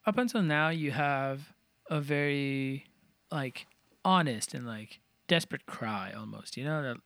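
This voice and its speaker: A man's voice: medium pitch, measured pace, a bit bright, dry recording. A man co-hosting a casual talk, explaining lyrics and rhythm in a methodical way. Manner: explanatory, methodical, counts out beats. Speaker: co-host analyzing song lyrics. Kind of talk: casual analytical chat.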